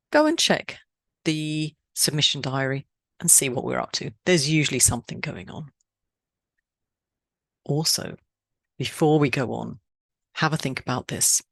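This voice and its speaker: A woman from Switzerland hosting a poetry podcast, speaking in a measured, deliberate way with lifts on key words. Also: low-pitched, dry recording, studio quality. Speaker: podcast host. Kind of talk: scripted podcast narration.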